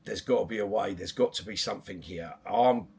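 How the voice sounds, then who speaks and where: A middle-aged man, a boxing coach telling stories in a podcast chat, animated and rambling with restarts. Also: lowish voice, brisk, vocal fry, husky. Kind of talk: conversational podcast storytelling.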